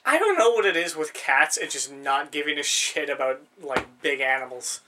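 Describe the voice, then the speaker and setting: A man's voice: on the high side, lively intonation, normal speed, background noise. A man in casual chat, rambling through stories, swearing freely and laughing often.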